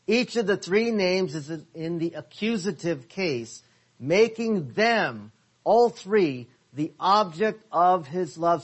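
A man teaching a Bible class, asking his listeners questions and stressing key words. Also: high voice.

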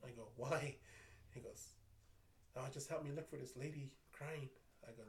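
A man who works night security, telling a story in a casual, animated way, often repeating "I said". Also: medium pitch, a little fast. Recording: distant mic with faint background noise.

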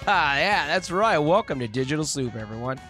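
A man's voice: a little high, animated, moderate pace, over music. A man hosting a podcast in a jokey, upbeat casual chat. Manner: jokey, upbeat show-runner. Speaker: podcast host.

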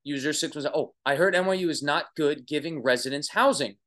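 Livestreaming casually from his apartment via phone or webcam, this young man, an oral surgery resident with a Long Island New York accent, answers questions from viewers. His pitch is fairly high and he talks quickly, chatty and eager, often starting over or drifting off mid-thought.

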